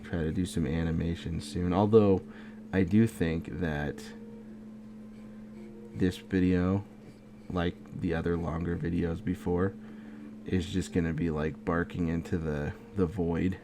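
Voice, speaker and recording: A man's voice: sits low, unhurried. A man casually rambling at midnight as he draws, sleepy and yawning, talking half to himself. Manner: relaxed, rambling, muttering to himself. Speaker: video creator drawing. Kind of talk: casual late-night drawing chat. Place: home art setup at night. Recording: noticeable background noise.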